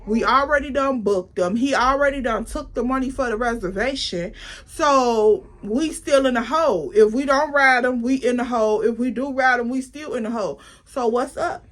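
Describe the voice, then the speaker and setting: A woman's voice: fairly high pitch, moderate pace, a bit bright, close to an everyday voice. A woman doing her bossy, blunt friend. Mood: insistent. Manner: blunt, insistent.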